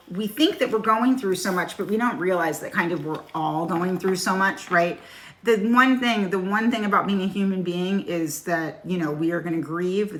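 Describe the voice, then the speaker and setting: Woman, middle-aged, tarot reader, live-stream chat, blunt and casual, swears, lowish voice. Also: a bit bright. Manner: frank, casual, swears freely. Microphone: phone.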